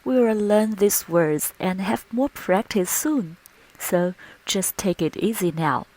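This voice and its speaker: Slow, careful woman teacher. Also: a little mellow, poor audio. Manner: clear, deliberate, models each tone with exaggerated pitch. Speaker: Chinese language teacher. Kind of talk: slow, patient pronunciation lesson with drills.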